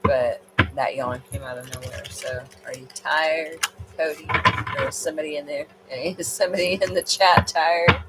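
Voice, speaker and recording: A woman's voice: deep voice, fairly even intonation, normal speed, loud music behind the voice, rough recording. A woman doing a casual tarot card reading on a livestream, rambling and chatty, tired late at night.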